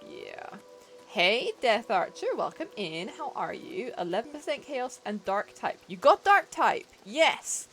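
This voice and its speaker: A woman's voice: on the high side, sing-song, a little slow, a bit bright, soft background music. A woman streaming a video game, chatting casually, reacting to the game and greeting viewers in a playful, self-deprecating way. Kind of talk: casual gameplay commentary.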